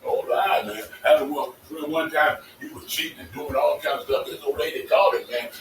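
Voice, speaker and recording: A man telling casual stories to his vlog audience, animated and laughing, cursing freely as he talks. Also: a little high, moderate pace. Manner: animated, swearing, laughing storyteller. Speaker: vlogger. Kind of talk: casual storytelling monologue. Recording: echoey, distant mic with faint noise.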